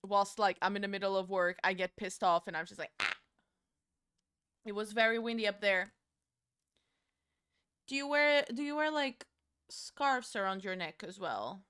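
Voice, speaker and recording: A young Portuguese woman with a Portuguese accent does her makeup on stream while chatting casually, swearing freely, and rambling with playful outbursts. Her mid-range voice is clear, resonant, and fairly bright, delivered at a moderate pace.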